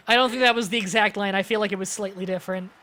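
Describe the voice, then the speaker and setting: A young adult woman streaming a game, chatting casually with animated, profane asides. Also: mid-range voice, normal speed. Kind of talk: casual chat over gameplay.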